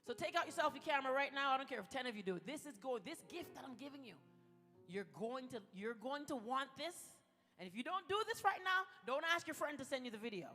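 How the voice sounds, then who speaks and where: A woman's voice: high-pitched, animated, fast talker, sharp tone. A woman giving a playful motivational speech at a gala and leading the audience through spoken mantras. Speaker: gala speaker. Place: large event hall. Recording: echoey hall with music.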